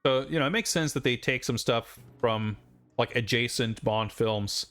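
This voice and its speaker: Man, live streamer, casual rambling commentary, middle pitch, faint music behind. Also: normal speed, fairly bright tone. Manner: rambling, many fillers and asides. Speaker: streamer playing a game.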